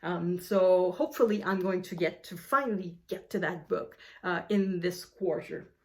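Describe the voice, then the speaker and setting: A woman with a French accent chatting casually about her reading plans, a little out of breath, often correcting herself and filling pauses with ums. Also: on the low side, steady tone. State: slightly out of breath. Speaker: book vlogger. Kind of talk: casual book chat to camera.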